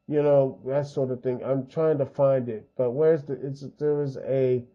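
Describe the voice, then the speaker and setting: A man's voice: mid-range voice, steady tone, a little slow. A man hosting a casual commentary video, rambling with many fillers and restarts, growing frustrated and heated. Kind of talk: unscripted opinion commentary. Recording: dull lo-fi mic.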